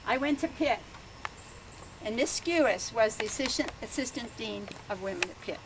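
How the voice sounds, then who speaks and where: Older woman telling warm family stories. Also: a little high, animated, normal speed, a little hiss or hum, low-quality recording. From Bellevue, Pennsylvania. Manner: chatty, laughing, adds "huh?" often. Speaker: family speaker at a land dedication. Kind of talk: ceremony speech, storytelling. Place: outdoors at a garden ceremony.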